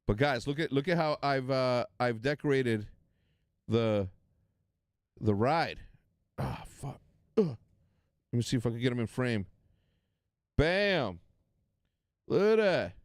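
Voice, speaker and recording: A man in his forties, Spanish his first language, hosts a live stream and jokes loosely with his chat. He talks at an unhurried pace, and the close mic sounds dry with no room. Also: mid-range voice, no room sound. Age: 40s. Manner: loose, joking, excitable banter with chat. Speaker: streamer hosting a watch party.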